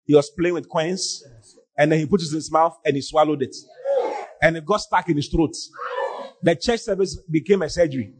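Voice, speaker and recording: A man preaching a sermon as pastor, often mimicking his congregants in an animated way. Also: a little high, brisk, slightly rough.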